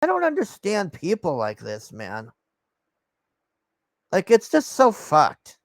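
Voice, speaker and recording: A man's voice: high-pitched, huge pitch swings, slow, no room sound. A man ranting casually to his camera, rambling and exasperated, swearing often and trailing off with sighs. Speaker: vlogger.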